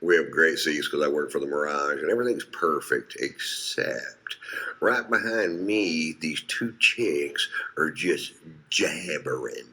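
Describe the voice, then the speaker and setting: A man's voice: very deep voice, expressive, a little slow, slightly rough. A man doing stand-up comedy, telling a profane story and putting on voices for the people in it. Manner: profane, storytelling with put-on quotes. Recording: played stand-up clip with loud crowd noise. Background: audience laughter.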